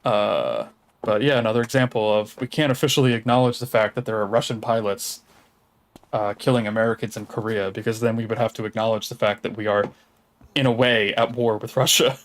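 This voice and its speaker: A man streaming a game, chatting in a relaxed, rambling way and swearing casually. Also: lowish voice, a little fast, low-quality recording. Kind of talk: casual chat while gaming.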